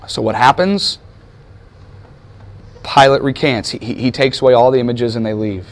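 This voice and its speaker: A man's voice: mid-range voice, moderate pace, pauses often. A man teaching a class, telling history as a story and putting questions to his students. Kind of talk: classroom lecture.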